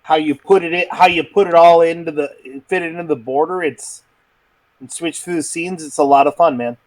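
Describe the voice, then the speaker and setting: A man's voice: on the high side, fairly even intonation, a little fast. A man in his thirties chatting casually on a video call, laid-back, swearing freely and laughing often. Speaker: podcast guest. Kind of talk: casual chat.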